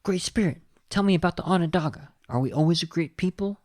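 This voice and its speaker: A man's voice: on the high side, fast, darkish tone, dry recording, clean studio sound, voice pushed up, close to an everyday voice. A man quoting and mimicking the lines of a young male warrior from a film, in a solemn tone. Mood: earnest. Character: earnest young male warrior from an 18th-century tribe.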